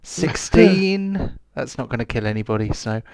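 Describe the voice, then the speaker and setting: A man acting as game master, calling rolls in a measured, often quiet voice. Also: medium pitch, lively intonation, creaky, no echo. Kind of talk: running a tabletop game.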